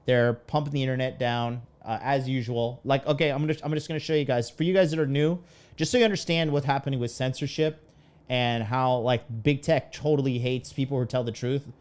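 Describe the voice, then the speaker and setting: A man's voice: medium pitch, steady tone, fairly quick, darkish tone, smooth. A man streaming live, ranting in a profane, fired-up, preachy way as a dating coach. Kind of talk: casual livestream rant.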